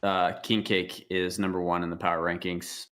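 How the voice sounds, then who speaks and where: A man co-hosting a casual sports podcast, giving firm opinions and deadpan jokes. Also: low voice, normal speed. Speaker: podcast co-host.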